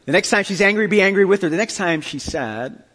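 A male pastor giving a sermon, telling a story with lively, acted-out dialogue. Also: high voice, fairly quick. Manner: animated storytelling, acting out dialogue. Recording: long hall reverb.

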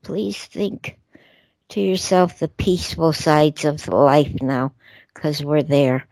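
A woman's voice: sits low, darkish tone, no room sound. A woman hosting a spiritual radio talk show, speaking in a soothing, reassuring way as she passes on messages. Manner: soothing, reassuring, drawn-out phrasing.

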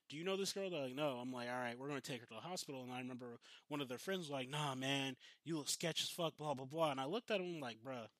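A man's voice: mid-range voice, no echo. A man casually telling a story with lots of swearing, acting out the lines of the people in it. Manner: profane, animated, acts out quotes.

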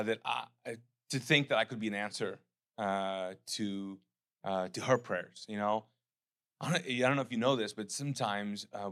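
The speaker is a pastor from Pakistan, middle-aged and male, whose voice leans low. In his sermon, animated stories eventually ease into quiet, earnest reflection.

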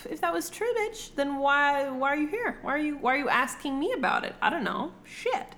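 A woman's voice: moderate pace, sharp tone, close to an everyday voice. A woman voicing a defiant, sassy young woman who swears and talks back. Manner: pitched up, swearing, flustered.

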